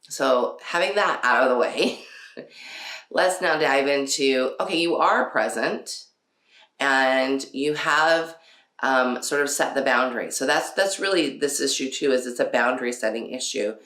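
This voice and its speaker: Woman with a really low voice, casual parenting chat, laughs a lot, lots of ums. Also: expressive, measured pace, a bit bright. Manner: chatty, laughs often, many fillers. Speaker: podcast host. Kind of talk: casual parenting advice talk. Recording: roomy echo.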